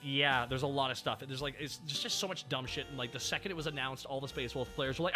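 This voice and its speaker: A man's voice: mid-range voice, fairly even intonation, fast, hardly any pauses, faint music behind. A man streaming as a VTuber, chatting casually and ranting with lots of swearing. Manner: ranting, swears a lot, loud bursts. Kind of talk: casual chat.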